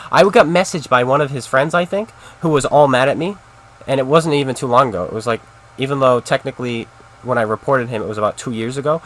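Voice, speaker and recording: A man's voice: mid-range voice, fairly bright tone, slight background noise. A man casually talking to his stream chat while playing a game, in a rambling, chatty way. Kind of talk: casual live-stream commentary.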